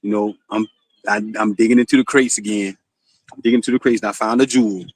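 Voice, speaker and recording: A man's voice: lowish voice, fairly even intonation, fast talker, no room sound. A man from Florida, hosting his own stream in a rambling, cussing monologue full of "you know"s. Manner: rambling, swears often, many "you know"s. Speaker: streaming show host. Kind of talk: casual monologue.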